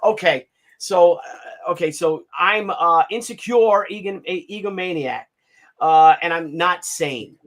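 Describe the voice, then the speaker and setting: A man in his fifties hosting a casual livestream, ranting in an animated, sarcastic and profane way. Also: high voice, a little slow. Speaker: comic artist hosting a livestream.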